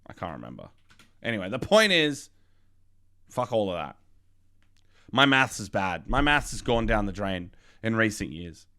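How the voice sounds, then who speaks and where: A man's voice: fairly low pitch, big pitch swings, normal speed, pauses often, bright, forceful tone. Joking male game streamer. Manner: joking, swears casually. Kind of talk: game playthrough with voiced dialogue.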